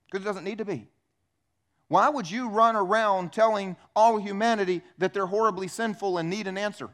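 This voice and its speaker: A man's voice: sits high, fairly bright tone. A man preaching a sermon in a church, talking to the congregation in a conversational way and acting out the voices he quotes. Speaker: pastor.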